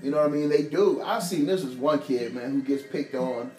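A young man from Ohio co-hosting a podcast, telling stories in a loud, profane, animated way and laughing often. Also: mid-range voice, brisk. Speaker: podcast co-host. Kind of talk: casual chat. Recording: echoey room with music behind.

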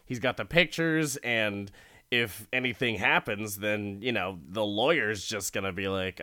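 A man's voice: lowish voice, measured pace, sharp tone, no echo, studio quality. A man giving a wry, rambling casual recap of a television episode. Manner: rambling and wry, heavy with fillers. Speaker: show recapper.

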